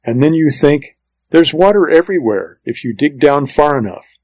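A man's voice: fairly high pitch, lively intonation, moderate pace, a little mellow, dry recording, voice pushed up, low-quality recording. A man voicing a weathered, easygoing male desert vineyard farmer in an audiobook reading, talking in a folksy, plain-spoken way.

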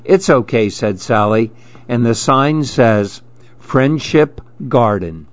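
A man reading children's picture books aloud, gently lifting his voice for the children's lines. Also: mid-range voice, lively intonation, slow pace, dry recording, highs cut off. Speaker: storybook reader.

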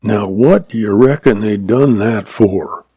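A man's voice: fairly low pitch, a little slow, dark tone, husky, dry recording. A man voicing a dim-witted, blustering small-town sheriff in an audiobook, with a drawl. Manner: blustering, fumbling.

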